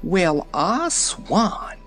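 A hoarse, stammering elderly farm woman, as the narrator voices her. She exclaims high and thin over faint background music. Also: big pitch swings, extremely slow, a bit bright, heavily acted. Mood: startled. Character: old farm wife, startled and flustered.

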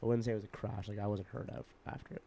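Gravelly, laid-back young man. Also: fairly low pitch, little pitch movement, rapid-fire, dark tone, slight background noise. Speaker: podcast co-host. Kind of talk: casual chat.

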